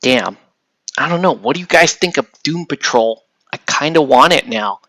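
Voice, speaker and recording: A man's voice: mid-range voice, animated, normal speed, pushed and bright, no room sound. A man from the United States chatting casually with live viewers while painting miniatures, rambling and swearing lightly as he answers the chat.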